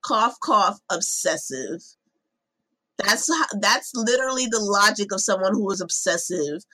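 A woman's voice: medium pitch, lively intonation, unhurried, sharp tone. A woman co-hosting a podcast in casual chat, ranting emphatically and slipping into mock voices. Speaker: podcast co-host.

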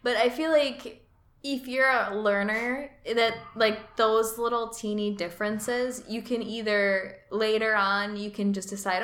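A woman's voice: a little high, steady tone, a little slow, fairly bright tone. A woman co-hosting a casual chat about learning Mandarin. She is chatty and laughs often. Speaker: podcast co-host. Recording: roomy echo.

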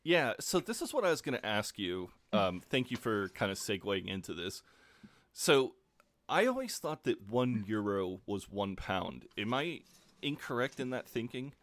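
A man's voice: on the low side, very animated, moderate pace, a bit bright, no echo. A man co-hosting a podcast, chatting casually about a TV episode in an easygoing way. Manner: easygoing, laughs readily. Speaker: podcast co-host. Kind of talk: casual chat recapping a TV episode.

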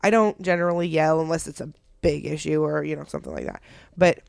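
A woman co-hosting a casual chat podcast, telling parenting stories in an animated way and laughing often. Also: sits low, fast talker, creaky, no room sound, studio quality.

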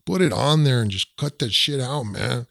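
A man's voice: medium pitch, moderate pace, gravelly, a bit bright, no room sound, clean studio sound. A man, mixing into casual, drawling rants full of "man" and "you know.". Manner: streetwise, drawling, peppers talk with 'man' and 'you know'. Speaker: podcast guest. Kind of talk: casual ranting chat.

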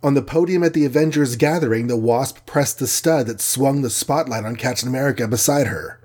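A man reads a superhero storybook aloud in a steady, measured way. His voice is husky and sits at a middle pitch, with plain scripted narration. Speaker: audiobook narrator.

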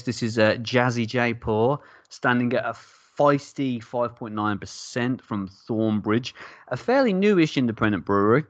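A man's voice: lowish voice, dry recording. A man co-hosting a casual beer-tasting podcast, jokey and rambling, laughing often. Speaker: podcast co-host.

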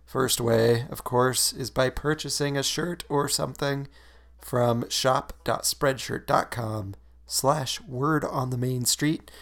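A man's voice: medium pitch, steady tone, slow pace, creaky, few pauses, fairly bright tone. A man co-hosting a casual podcast, chatty and laughing often. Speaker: podcast co-host. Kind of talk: casual chat.

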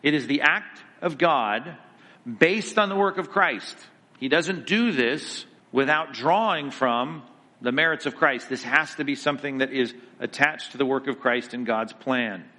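A man's voice: medium pitch, unhurried, bright, forceful tone, big-room sound. A man giving a theology lecture to a class, emphatic and conversational, asking the students questions as he goes. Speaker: Bible teacher.

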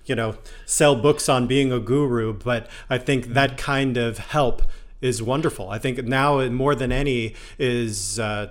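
A man's voice: mid-range voice, measured pace. A man hosting a podcast interview, speaking in an appreciative and encouraging way. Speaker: podcast host.

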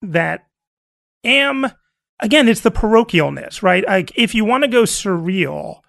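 Gravelly high-voiced man musing. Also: expressive, unhurried, fairly bright tone. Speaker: podcast co-host. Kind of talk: casual chat.

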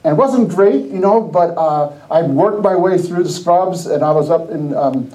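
This podcast host, a middle-aged New Jersey man, tells his own stories on a Christian show, animated and laughing, performing the quoted dialogue himself. His voice is fairly high, soft and mellow, he talks at an ordinary pace, and the recording is rough.

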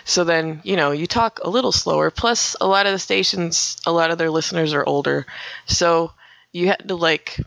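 Young minnesota radio gal, chatty and giggly, bright gravelly voice, dry close mic. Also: female voice, fairly low pitch, moderate pace, dry recording. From northern Minnesota. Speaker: radio DJ and podcast guest. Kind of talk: casual interview chat.

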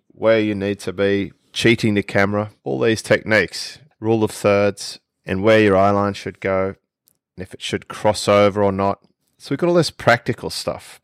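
A man's voice: lowish voice, dry recording, clean studio sound. A man with an Australian accent, a podcast guest explaining things with enthusiasm in casual conversation.

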